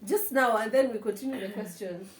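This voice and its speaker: A woman's voice: a little high, a little fast, crowd noise. A young Kenyan woman hosting a casual chat, telling stories with frequent laughter. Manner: animated storyteller, laughs often. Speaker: vlog host. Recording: echoey room with faint ambience.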